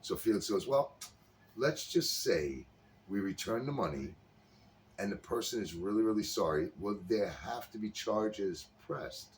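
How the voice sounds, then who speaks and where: Low-voiced man telling a story with gusto. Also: measured pace. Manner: animated storyteller acting out characters' lines. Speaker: podcast co-host. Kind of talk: casual chat, retelling a sitcom scene. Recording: slightly distant mic with faint background noise.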